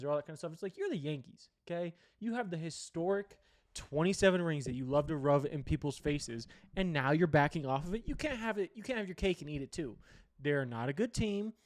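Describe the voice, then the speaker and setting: A man's voice: fairly high pitch, animated, a little fast. Rambling, profane young man talking sports. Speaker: sports podcast host. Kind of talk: casual sports talk.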